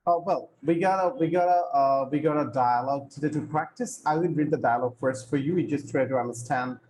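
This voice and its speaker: A man's voice: medium pitch, a little fast, a little mellow, a little hiss or hum, poor audio. A man teaching an online English class, explaining patiently and repeating key phrases. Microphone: video call.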